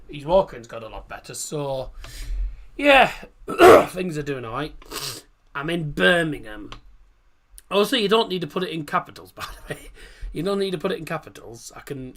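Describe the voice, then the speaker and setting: A man from Middlesbrough, England, hosts a football watchalong stream, rambling casually through live viewer comments with many fillers and restarts. His voice is fairly high and a bit bright.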